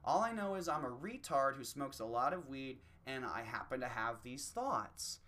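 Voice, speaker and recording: A man delivering a rambling, swear-filled opinion rant, slipping into quick mocking voices. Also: medium pitch, animated, pushed and bright. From United States. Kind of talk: profane opinion rant monologue.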